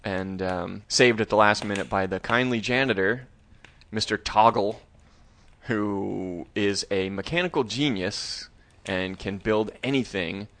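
A man co-hosting a podcast, recapping an episode in casual chat, animated and joking. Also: on the low side, a little slow. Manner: animated, joking, acts out scenes with voices. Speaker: podcast co-host.

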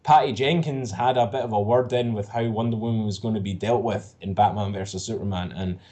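A man co-hosting a podcast who talks about films in an animated, excitable way and swears freely. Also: on the low side, fairly quick. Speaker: podcast co-host. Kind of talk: casual podcast chat.

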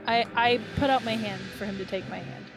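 Woman player, kinda high voice, friendly, bit hesitant. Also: a little fast, music in the background. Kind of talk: casual tabletop play.

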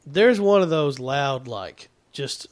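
A man, casually telling a profane, animated story about being an assistant coach in a youth league. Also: mid-range voice, slow pace. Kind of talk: casual chat.

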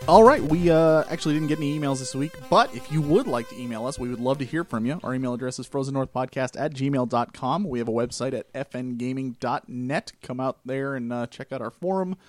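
A man's voice: medium pitch, a little fast, few pauses, faint music behind. A man hosting a casual gaming podcast, breezily reading out the show's announcements. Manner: breezy, reads out show announcements. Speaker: podcast host.

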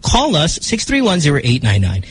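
A man's voice: fairly high pitch, normal speed. Filipino guy on a radio show, bouncy up and down voice, slight hiss behind, keeps tripping on restarts. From Philippines. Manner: animated, mixes Tagalog into English, stammering restarts. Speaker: radio host. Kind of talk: casual radio banter.

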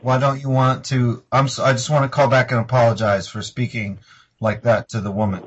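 A man hosts a radio show and places crude prank calls, delivered deadpan with a mocking edge. His voice is husky and mid-pitched. The recording sounds dull and lo-fi. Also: a little fast. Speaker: radio host and prank caller. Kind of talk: prank phone call and radio banter.

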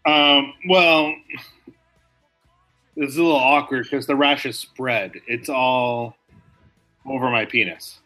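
A man's voice: medium pitch, fairly even intonation, slow, long pauses, bright, forceful tone, faint music behind, low-quality recording. A man co-hosting a comedy podcast, rambling through mock-serious apologies. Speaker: podcast co-host. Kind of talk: casual comedic chat.

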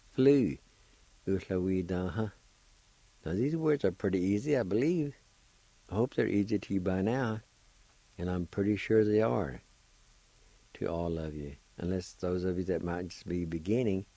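A man with a Cherokee-speaking Oklahoma accent teaches a radio language lesson, spelling out words syllable by syllable. He talks very slowly and patiently, encouraging his listeners. His voice is low and warm, recorded close and dry. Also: no echo, low-quality recording. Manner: slow, deliberate, spelling out syllables.

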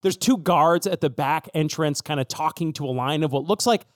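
A man's voice: fairly high pitch, moderate pace, no room sound, clean studio sound. A man narrating a tabletop game as game master in a casual, laid-back way. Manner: casual, laid-back describing, many likes.

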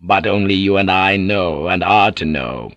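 A man voicing a shrewd, weary older warlord who speaks in a measured, calculating and quietly commanding way. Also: low-pitched, no echo, highs cut off. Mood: calculating, intimate.

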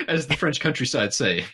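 Jokey giggly podcast host guy, husky bright voice. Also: medium pitch, big pitch swings, measured pace. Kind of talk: casual movie commentary chat.

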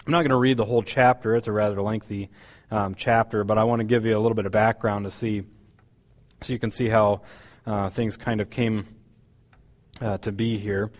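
Preacher with long church reverb. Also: male voice, on the low side, flat delivery, a little fast. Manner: conversational, hesitant, many fillers. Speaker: pastor. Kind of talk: sermon.

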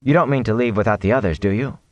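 A man plays a worried young village man in a storybook. He talks quickly and anxiously, as if he is always objecting. The recording is dry and close. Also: on the low side, darkish tone, no room sound, natural voice.

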